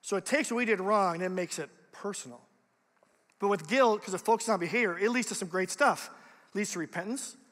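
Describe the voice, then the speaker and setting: Young male youth pastor, conversational and lively, high-pitched, recorded in a reverberant auditorium. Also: brisk. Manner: casual, animated, conversational preaching. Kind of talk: youth sermon. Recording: long reverb of a large hall.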